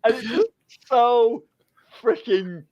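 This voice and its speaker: A man co-hosting a casual book chat, an animated storyteller who laughs a lot and acts out the lines he quotes. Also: very high-pitched, takes it slowly, dry recording, muffled recording. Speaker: book club co-host.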